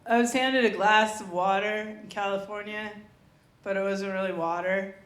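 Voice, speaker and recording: A woman's voice: mid-range voice, fairly even intonation, normal speed, a bit bright. A woman performing a rambling, chatty open mic stand-up set, talking with the crowd between jokes. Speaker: stand-up comedian. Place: comedy club stage. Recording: echoey club room, faint noise.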